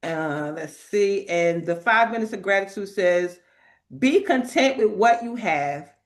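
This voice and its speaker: A woman hosting a spiritual talk, animated and emphatic, laughing often as she reads inspirational cards. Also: mid-range voice, a little slow. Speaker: host. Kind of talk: spiritual talk and card reading.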